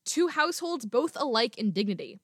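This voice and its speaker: A woman podcast host with a fairly high voice talks in an excitable, playfully self-mocking way. She also reads a short piece aloud in the same voice. The recording is dry and close, with no room sound. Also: brisk, no room sound. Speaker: student. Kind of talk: chatty podcast talk with a story reading.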